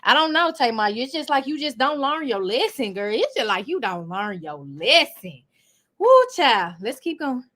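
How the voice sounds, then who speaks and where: Laughing, animated high-pitched woman. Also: moderate pace. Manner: loud laughing, animated, talks to viewers. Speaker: commentary host. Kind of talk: live reaction commentary. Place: at home.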